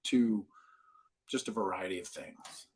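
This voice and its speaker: A man as a podcast guest, a brain trainer, explaining ideas and telling stories with lively acted-out quotes. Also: fairly low pitch, a little slow, breathy edge. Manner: animated storyteller, acts out quotes. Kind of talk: podcast interview.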